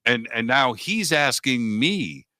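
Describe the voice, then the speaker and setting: Animated older male host, bright voice. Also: mid-range voice, slow, no echo. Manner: animated, acts out quoted dialogue. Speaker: radio show host. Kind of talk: conversational storytelling.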